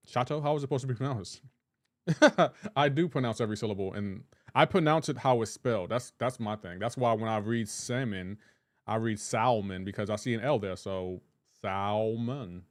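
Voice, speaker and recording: A man's voice: mid-range voice, no room sound, studio quality. A man hosting a live game stream in casual chat, reading out viewers' names and messages and teasing them about how words are said. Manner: chatty and joking, reads out chat names and comments; playful teasing about pronunciation.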